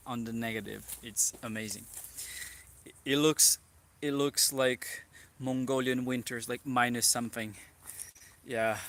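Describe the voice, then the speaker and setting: Bright-voiced Brazilian man musing earnestly. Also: medium pitch, creaky. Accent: Brazilian Portuguese. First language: Portuguese. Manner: rambling, earnest, many "like" fillers. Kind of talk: reflective personal vlog monologue.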